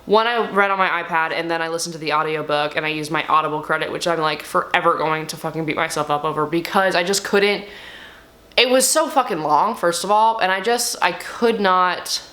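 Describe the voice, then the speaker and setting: A young woman talking casually and candidly as a book vlogger, swearing freely and swinging her pitch up and down. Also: fairly even intonation, a little fast, a bit bright. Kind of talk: casual chat.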